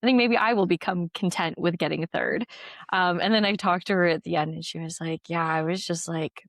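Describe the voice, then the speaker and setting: A woman's voice: lowish voice, fairly quick, no room sound. Chatty young woman, dry close voice. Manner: chatty, lots of "like" fillers, laughs often. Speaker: ultrarunner guest. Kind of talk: casual interview chat.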